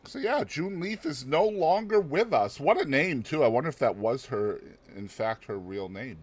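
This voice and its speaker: A man's voice: medium pitch, lively intonation, moderate pace. A man co-hosting a podcast in casual chat, rambling and joking with puns and asides. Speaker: podcast co-host.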